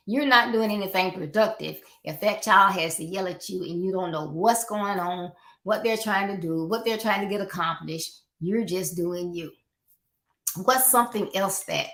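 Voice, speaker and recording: A woman's voice: medium pitch, fairly bright tone. Chatty woman coach in an echoey room. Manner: conversational, teasing, acts out little scenes in voices. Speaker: life coach and show host. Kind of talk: casual live-show talk to viewers. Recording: roomy echo.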